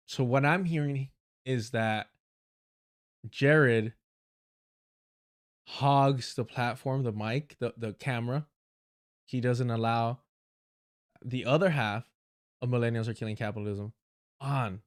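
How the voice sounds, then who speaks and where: A male livestream host reacts to clips with live commentary, ranting sarcastically and profanely, mocking them and laughing often. His voice is mid-range, and he speaks slowly with frequent pauses.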